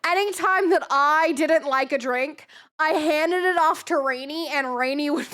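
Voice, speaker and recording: A young female streamer with a high voice recounts a story at a measured pace. Her style is casual and animated, with free swearing and acted-out quotes from the people involved.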